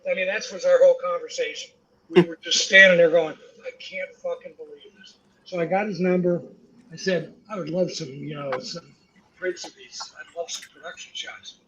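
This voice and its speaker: An older man, a guest actor, telling profane, animated stories about his career to a live audience and acting out the quotes. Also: a little high, moderate pace, muffled recording, crowd noise. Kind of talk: anecdotal storytelling to a live audience.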